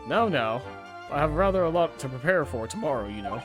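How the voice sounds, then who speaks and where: A man's voice: on the high side, big pitch swings, brisk. A man reading a genial, teasing professor. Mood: amused. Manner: cheerful, dryly teasing. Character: genial middle-aged male professor, teasing and relaxed. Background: game music.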